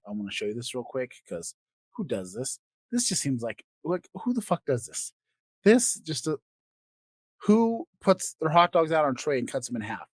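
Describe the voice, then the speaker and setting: Animated man ranting crudely. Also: a little high, no echo. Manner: crude, animated, swings between loud and quiet. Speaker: podcast host. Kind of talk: comedic rant.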